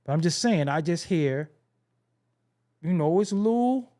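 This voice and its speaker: A middle-aged man delivers a blunt, profane commentary rant with a streetwise edge. His voice sits a little high for a man and swings widely up and down as he mocks the phrases of the people he talks about. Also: animated, measured pace, warm tone. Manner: mimics other people's phrases mockingly. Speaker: show host.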